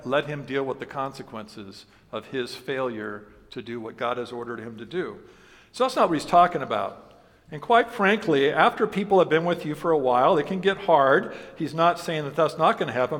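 Preaching conversationally, a male pastor asks the congregation questions and mixes in humor. His voice is on the high side, expressive and fairly bright, at a moderate pace, with the long reverb of a large hall.

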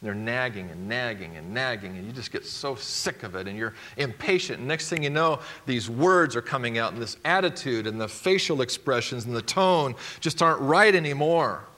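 A male pastor preaching a sermon, emphatic and swinging from loud declarations to hushed, quiet points. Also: mid-range voice, lively intonation, moderate pace, few pauses, a little hiss or hum.

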